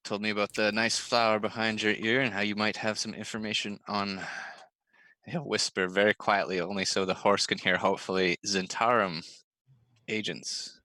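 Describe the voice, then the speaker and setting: A man playing his character in a tabletop game, speaking softly and conspiratorially. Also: on the low side, level tone, normal speed, dry recording. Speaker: player. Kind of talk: casual tabletop play.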